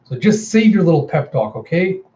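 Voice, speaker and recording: Man reading as a prickly grieving girl, curt and sullen, slightly raised pitch, mellow tone. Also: very animated, moderate pace, highs cut off.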